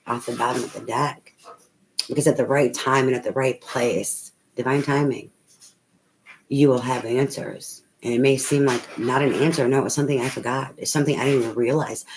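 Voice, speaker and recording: A woman giving a casual spoken tarot reading, rambling, swearing freely and laughing often. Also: rumbling low. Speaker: tarot reader. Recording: noisy home recording.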